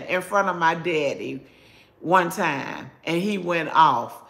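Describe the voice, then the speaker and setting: Older lady in her 70s, slow drawl, kinda low voice, chatting and preaching to her viewers. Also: lively intonation, vocal fry, pushed and bright. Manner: slow, preachy, folksy Southern speech. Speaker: cooking channel host reading chat. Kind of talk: casual live chat.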